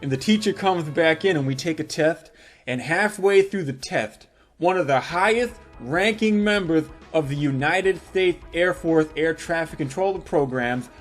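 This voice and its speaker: A man with a notably high voice tells a comic story, swearing freely and letting his loudness jump up and down as each joke builds. His delivery is animated throughout. Faint music plays in the background. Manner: profane, animated, building jokes with sudden shifts in loudness. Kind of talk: comedic storytelling monologue.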